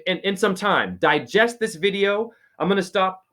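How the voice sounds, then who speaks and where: A man giving a spiritual reading over a video call, preachy and rambling, with sudden high exclamations. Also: expressive, moderate pace, fairly bright tone. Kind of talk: excited casual video-call chat.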